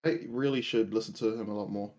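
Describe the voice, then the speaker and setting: A man's voice: fairly low pitch, steady tone, quick pace, darkish tone. Laid-back guy on a call. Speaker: friend on a call. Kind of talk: casual chat.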